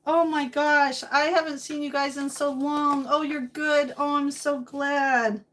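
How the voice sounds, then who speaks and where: A woman with a high, light voice chats with her viewers as she cooks. She takes her time, mutters her thoughts aloud and hums little tunes to herself between remarks. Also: flat delivery, a little slow, few pauses, a bit bright. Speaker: home cooking vlogger. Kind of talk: casual chat while cooking, reading viewer comments.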